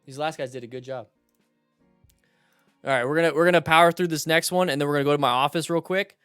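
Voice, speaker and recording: A man's voice: on the high side, fairly even intonation, fast talker, a bit bright, smooth, dry recording, studio quality, soft background music. Chatty man giving blunt riding advice. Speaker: motorcycle channel host. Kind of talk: casual reaction commentary on riding videos.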